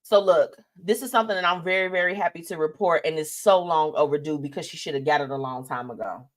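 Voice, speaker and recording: A woman's voice: low voice, fast talker. Sassy woman hosting live gossip talk. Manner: animated and sassy, reads viewer comments aloud. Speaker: live show host. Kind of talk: casual celebrity gossip commentary.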